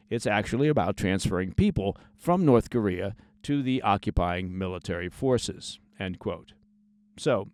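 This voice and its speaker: A man's voice: lowish voice, darkish tone, no room sound. Man hosting a news briefing, dry sound. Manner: conversational, stressing key words. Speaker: news podcast host. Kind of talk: scripted news briefing with asides.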